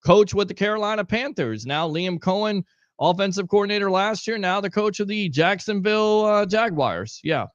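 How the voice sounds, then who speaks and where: Man, slightly high voice, emphatic sports talk, dry, lo-fi. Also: animated, normal speed, dry recording. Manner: emphatic, repeats points for stress. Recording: dull lo-fi stream audio.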